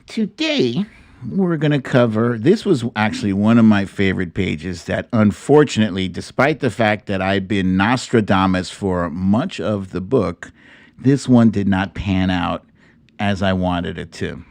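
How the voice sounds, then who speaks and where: A man's voice: lowish voice, animated, a little slow, vocal fry, darkish tone, dry recording. A man hosting a casual live stream, chatting with viewers and laughing often. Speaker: livestream host reading his own book.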